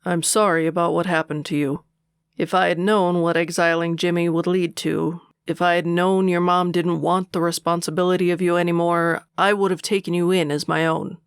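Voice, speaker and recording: A man voicing an authoritative older male lord and worried father in an audiobook, speaking low and measured with a gravelly voice. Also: level tone, dry recording, studio quality. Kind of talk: audiobook character dialogue.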